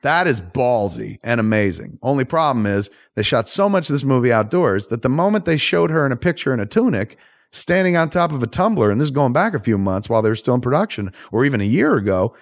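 A man hosting a podcast, recapping a film in a loose, profane, animated storytelling way. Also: mid-range voice, fast. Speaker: podcast host. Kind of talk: casual movie recap chat.

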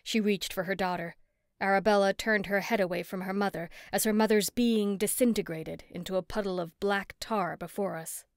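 Expressive woman audiobook narrator, dry sound. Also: medium pitch, moderate pace, dry recording. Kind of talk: first-person scripted narration.

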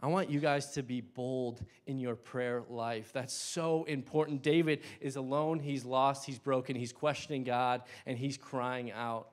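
A man's voice: medium pitch, steady tone, a little slow, hardly any pauses. Impassioned young man preaching a sermon. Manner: impassioned, swings between loud bursts and hushed asides. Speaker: lay preacher. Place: church.

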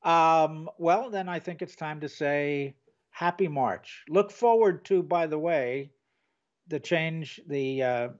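Older man with a lo-fi, higher voice. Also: takes it slowly. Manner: rambling, trails off mid-sentence. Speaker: co-host. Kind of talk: casual chat.

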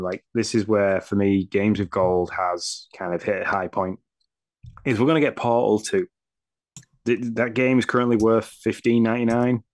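A man co-hosting a casual gaming podcast, easygoing and quick to chuckle as he reads through lists. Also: lowish voice, no room sound. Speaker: podcast co-host. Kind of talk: casual chat.

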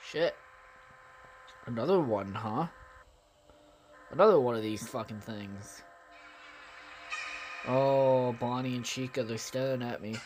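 A man giving profane, excitable let's play commentary and talking straight to his viewers. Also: medium pitch, slow pace, pauses often, slight background noise. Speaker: gaming channel host.

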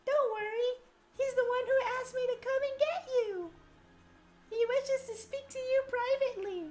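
A woman voicing a gentle, regal queen mother in a game playthrough, with a sweet, high, graceful delivery. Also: moderate pace. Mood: gracious. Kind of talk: gameplay voice-acting.

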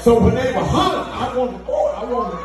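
In a church sanctuary, a man preaches to his congregation in a very high voice with lively intonation and a brisk pace, joking and sliding into a chanted, sing-song cadence. The recording is echoey and distant, with music and crowd noise.

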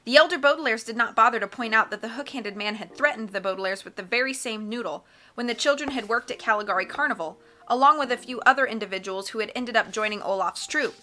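Bright-voiced woman reading an audiobook. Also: a little high, fast talker. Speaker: audiobook reader. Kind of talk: audiobook narration.

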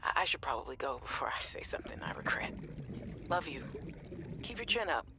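A woman's voice: rumbling low, sing-song, fairly quick, background noise, exaggerated voice. Anxious young woman scientist. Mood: worried. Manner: hesitant, often dropping to a near whisper. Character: anxious young woman scientist sending voice messages to her sister. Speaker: game character. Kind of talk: recorded voice messages in a video game.

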